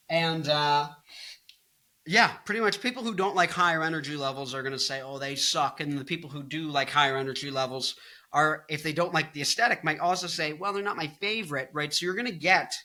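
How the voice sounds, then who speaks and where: A man's voice: fairly high pitch, fairly quick, sharp tone. A man in his twenties, a rock guitarist and singer, giving casual music commentary and thinking aloud as he explains. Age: 20s.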